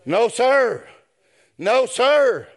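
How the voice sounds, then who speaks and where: A man preaching a sermon, swinging from shouted chanted phrases down to low spoken asides. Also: very animated, drawn-out words, faint music behind.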